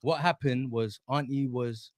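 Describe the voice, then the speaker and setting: A man's voice: medium pitch, a little slow, no echo. Man, insistent casual explainer, dry sound. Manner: insistent, storytelling, paraphrasing. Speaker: podcast guest.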